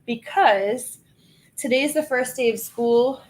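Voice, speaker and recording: A woman hosts a casual reselling livestream, listing items while chatting with viewers, reading chat aloud and laughing often. Her voice is a little high and she speaks slowly.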